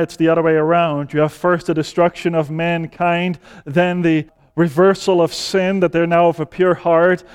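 A man preaching a sermon, speaking deliberately and building to fervent emphasis. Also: on the high side, clear, resonant tone. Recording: long hall reverb.

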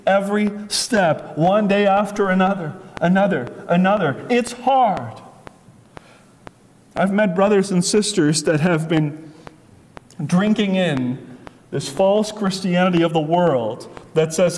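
Male preacher, high voice, emphatic and repetitive sermon delivery, long hall reverb. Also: a little slow, a little mellow.

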